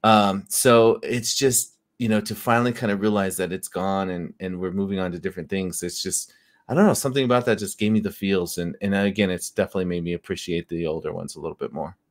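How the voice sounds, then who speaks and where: Co-host dude, kinda low voice, earnest and reflective, some stumbling restarts. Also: male voice, fast talker. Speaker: podcast co-host. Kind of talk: casual chat.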